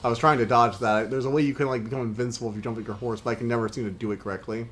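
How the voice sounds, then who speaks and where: A man talking through his own game stream in an easygoing, wry way. His voice sits at an ordinary middle pitch. He rambles on through his plans and breaks into exasperated outbursts when the game surprises him. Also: fairly even intonation, rapid-fire, a bit bright, a little hiss or hum. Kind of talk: gaming stream commentary.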